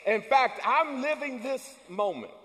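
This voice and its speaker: A man preaching a sermon as pastor, with call-and-response lines that build up to shouts. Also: extremely high pitch, lively intonation, measured pace. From United States. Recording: long church hall reverb.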